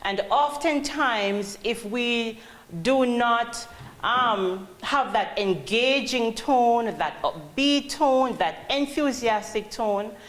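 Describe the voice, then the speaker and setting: A woman with a fairly high, slightly bright voice teaches a call-centre class in a training classroom, speaking slowly. She calls on students and asks them questions, recorded in a roomy classroom with a faint hum.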